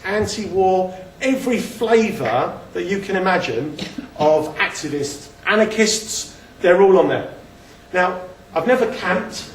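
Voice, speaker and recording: A high-voiced man gives a casual slide talk, chatty and self-deprecating, often starting his sentences over. He's recorded in an echoey room with the mic at a distance and slight background noise.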